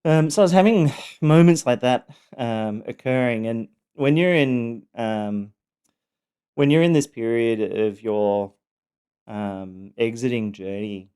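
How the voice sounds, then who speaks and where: A man's voice: mid-range voice, slow, warm tone, clean tone. A middle-aged man candidly telling his own story, frank, casually swearing, with wry laughter.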